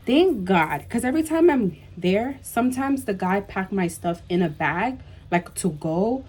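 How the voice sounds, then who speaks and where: A young woman vlogger telling a storytime tale in an animated way, full of "like" and "bro" and emphatic repeats. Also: medium pitch, breathy edge. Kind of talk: storytime vlog.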